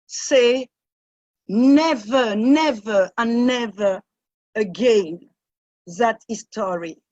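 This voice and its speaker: A woman from Martinique with a French accent, speaking halting, earnest English as a guest singer on a video call. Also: mid-range voice, no echo, highs cut off. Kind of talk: online event performance.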